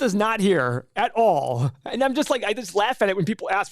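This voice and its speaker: A man's voice: sits high, very animated, normal speed, gravelly, few pauses, no echo, studio quality. A man hosting a casual live stream and answering viewer questions in a chatty, rambling way with frequent restarts. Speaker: livestream host.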